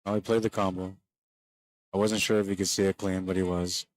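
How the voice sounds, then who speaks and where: A man gives relaxed, chatty live play-by-play for a pool match, speaking straight to stream viewers and sounding a little worn down late in the day. His voice is low and a little fast, and the recording is dry.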